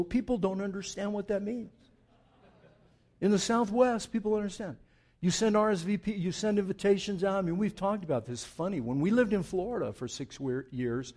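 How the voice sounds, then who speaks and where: Man, pastor preaching, fairly high voice, dynamic delivery, hushed to booming, chatty asides. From Southwest United States. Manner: dynamic, swings from hushed to loud and emphatic; conversational asides to the congregation. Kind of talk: sermon.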